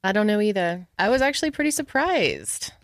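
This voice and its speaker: A woman co-hosting a podcast, chatty and upbeat, swearing casually in relaxed conversation on a close studio mic. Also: mid-range voice, fairly quick, dry recording. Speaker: podcast co-host.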